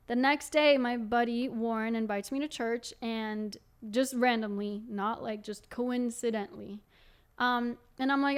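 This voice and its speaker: A young woman candidly telling her life story to camera as the host of her own show, talking in a quick, loose flow with many fillers. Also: a little high, fairly even intonation, smooth. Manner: candid and fast-flowing, full of fillers like "like". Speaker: singer and video host.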